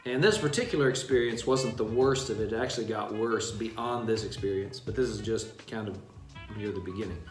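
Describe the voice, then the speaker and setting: A man co-hosting a casual live-stream chat and speaking in a measured, reflective way. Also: lowish voice, reverberant, faint music behind. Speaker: co-host, opera singer.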